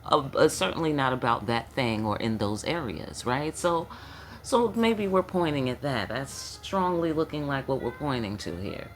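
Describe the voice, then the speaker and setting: A woman with a low voice reads tarot in a loose, chatty way, swearing freely and trading quick questions and answers with unseen spirits. Her pitch swings widely from phrase to phrase, and a faint background hiss sits under her. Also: very animated. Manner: chatty, profane, talks back and forth with herself as the ancestors. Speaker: tarot reader. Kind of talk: casual spiritual tarot reading.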